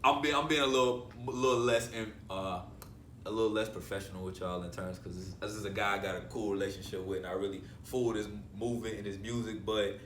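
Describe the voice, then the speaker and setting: Hype slangy host in echoey studio. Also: male voice, fairly low pitch, fairly even intonation, fairly quick, fairly bright tone, recorded from a distance, slight background noise. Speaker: interview host. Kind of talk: casual hip-hop interview. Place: radio station studio.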